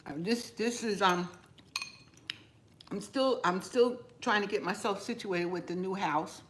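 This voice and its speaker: Seorang perempuan dengan aksen New mengobrol santai sambil makan di dapur rumahnya, bicaranya bertele-tele dan kadang dengan mulut penuh makanan. Nada suaranya sedang, khas vlog masak yang direkam di rumah. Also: female voice, medium pitch, unhurried, fairly bright tone, slight background noise. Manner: chatty, rambling, talks while eating with mouth full. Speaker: cooking vlogger. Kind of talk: casual eating vlog chat with live viewers. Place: home kitchen.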